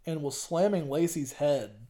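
A man's voice: a little high, animated, a little slow, dark tone. Hesitant rambling man hosting a podcast. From US South. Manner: rambling, hesitant, many ums. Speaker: podcast host. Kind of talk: casual chat.

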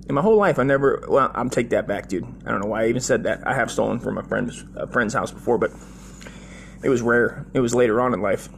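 A man's voice: mid-range voice, quick pace, gravelly, a little hiss or hum. Foul-mouthed rambling male storyteller. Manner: profane, loose and chatty, with many fillers like "dude" and "right?". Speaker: host telling a childhood story.

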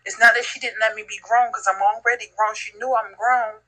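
A woman's voice: fairly high pitch, steady tone, a little fast, bright, forceful tone, poor audio. A middle-aged woman telling a heartfelt, reflective story in a casual chat as a podcast guest. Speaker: podcast guest, host's mother.

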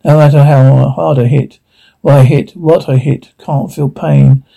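A man speaking TV drama dialogue in a weary, gruff way, with a gravelly, husky voice. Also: mid-range voice, steady tone, a little slow, mellow.

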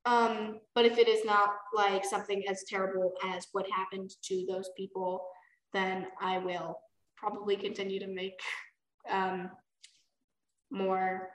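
A woman's voice: medium pitch, level tone, unhurried, a bit bright, echoey room, low-quality recording. A woman co-hosting a book podcast, chatting casually in a rambling way with many fillers. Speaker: podcast co-host.

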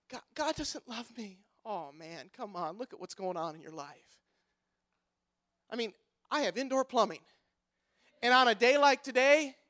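A male pastor preaches a sermon. His voice sits unusually high and rings sharp and bright. He drives his points home with impassioned, repeated refrains.

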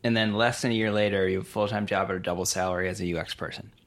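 A man hosting a casual interview, relaxed and thoughtful, often trailing off and restarting. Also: low-pitched, very fast. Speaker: host, interviewer.

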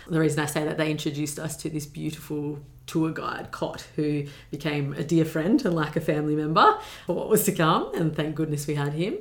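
Low, gravelly woman telling her story. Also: brisk, reverberant. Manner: earnest, reflective, with many fillers. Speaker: podcast guest. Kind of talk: personal storytelling.

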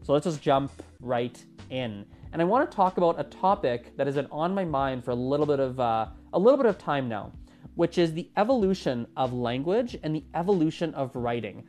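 A podcast host in their twenties talks casually on a solo episode, chatty and animated with a lively, rising delivery. The medium-pitched voice moves fairly quickly over soft background music.

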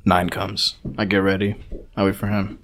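A man's voice: sits low, moderate pace, a little hiss or hum. A young man co-hosting a podcast, telling a rambling story in casual chat, swearing often and acting out what other people said. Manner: animated storyteller, swears a lot, acts out quotes. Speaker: podcast co-host.

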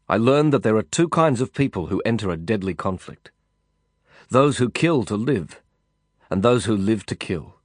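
A man reading a first-person audiobook narration in a measured, reflective way. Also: on the low side, no room sound, clean studio sound.

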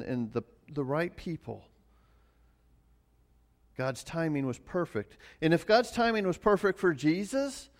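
A middle-aged man preaching a sermon as pastor, earnest and often repeating words as he starts a phrase. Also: fairly high pitch.

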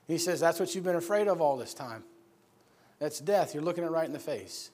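At a normal speed with long pauses, the upstate New York preacher, middle-aged, relates personal stories from the pulpit. He acts out the voices with loud, high shouting and goes soft and low for weighty moments.

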